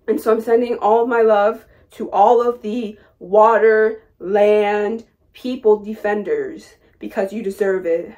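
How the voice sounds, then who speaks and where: A young woman vlogger's mid-range, warm, steady voice moves at a measured pace with few pauses, though the audio sounds dull. Emotional and hurt, she rants to the camera with passion, repeating phrases and fading into sad fillers.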